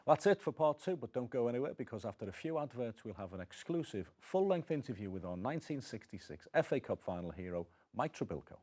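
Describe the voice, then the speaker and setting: A man's voice: mid-range voice, big pitch swings, quick pace, few pauses, dark tone, a little hiss or hum. A man presenting a club football show, reading scripted links and asking chatty questions. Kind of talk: presenting and interviewing.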